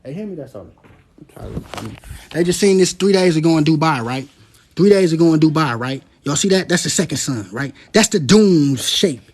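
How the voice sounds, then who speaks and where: Husky man in animated preachy commentary. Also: fairly high pitch, fairly quick. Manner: preachy, profane, rising to loud dramatic readings. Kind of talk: animated casual commentary reading scripture.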